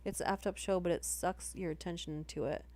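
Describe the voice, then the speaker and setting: A woman's voice: on the low side, steady tone, brisk, a little mellow, no echo. A woman chatting casually on a live stream between horror story readings. She rambles and interrupts herself as she talks.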